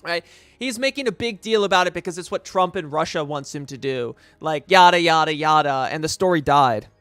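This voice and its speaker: Excitable high-voiced male streamer. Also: fairly quick, no echo, soft background music. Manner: rambling, profane, excitable. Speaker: streamer and host. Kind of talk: casual live-stream reaction chat.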